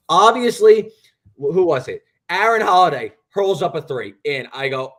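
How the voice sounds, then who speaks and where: Animated young guy, highish voice. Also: fairly quick. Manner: animated, rambling storytelling with many "like"s. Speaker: sports betting co-host. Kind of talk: casual podcast chat.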